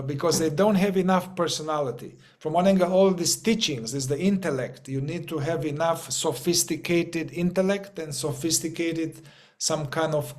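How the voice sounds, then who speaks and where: Higher-voiced man giving a rambling spiritual talk. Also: a little mellow. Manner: rambling, repeats words, swears casually, acts out inner voices. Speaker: spiritual group teacher. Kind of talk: informal spiritual teaching talk.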